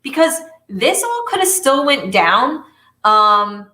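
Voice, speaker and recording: A woman co-hosting a podcast, chatting casually in an animated, emphatic way. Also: a little high, slow. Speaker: podcast co-host. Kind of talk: casual chat. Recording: roomy echo.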